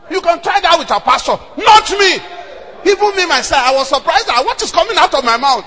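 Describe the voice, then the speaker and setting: A man with a Nigerian accent preaching a sermon, telling stories in an animated way that swings from hushed asides to shouts. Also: extremely high pitch, fairly quick, in a large hall, slight background noise. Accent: Nigerian, Yoruba-speaking. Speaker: pastor.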